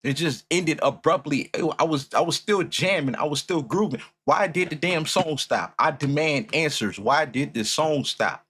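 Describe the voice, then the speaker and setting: A man streaming a music reaction, talking casually and swearing often, swinging between loud outrage and low muttering. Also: expressive, normal speed, hardly any pauses, husky.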